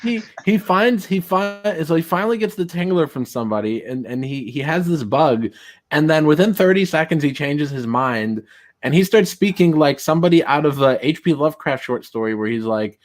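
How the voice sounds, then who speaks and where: A man's voice: on the high side, lively intonation, brisk. Laughing, rambling man talking movies. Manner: rambling, laughs often, restarts lines. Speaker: podcast co-host. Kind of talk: casual movie-review chat.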